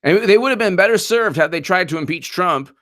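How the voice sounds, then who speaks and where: Male political commentator hosting a live stream, sarcastic, fairly high voice with lively swings in pitch, frequent restarts. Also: a little fast, no echo, clean studio sound.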